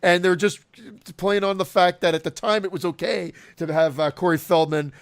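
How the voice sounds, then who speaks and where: A man's voice: sits high, steady tone, moderate pace. A man co-hosting a podcast in casual chat, joking and laughing through his explanations. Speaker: podcast co-host.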